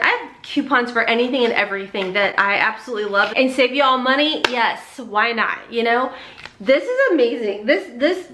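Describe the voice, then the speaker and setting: A woman chatting excitedly through a beauty box unboxing, gushing and addressing viewers as y'all. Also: a little high, echoey room, a little hiss or hum. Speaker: beauty vlogger. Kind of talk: casual unboxing chat.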